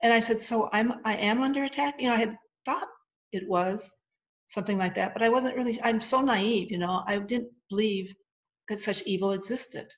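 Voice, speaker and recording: Speaking at a normal pace in a mid-range voice, this middle-aged woman tells a story from her own life as an interview guest. She performs the lines of dialogue with lively energy, though the recording is muffled and low-fidelity.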